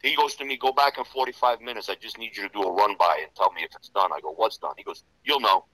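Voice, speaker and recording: Profane New storyteller, bright and dry. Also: male voice, on the low side, steady tone, fast, dry recording, poor audio. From Serbian Romanian background. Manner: profane, rambling, full of "you know". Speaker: interview guest. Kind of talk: casual storytelling interview.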